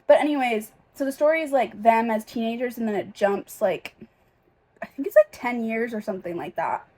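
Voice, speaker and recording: A woman's voice: fairly high pitch, fairly quick, a little mellow. A young woman chatting casually in a reading vlog, emotional and rambling, with many fillers and restarts. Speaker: reading vlogger.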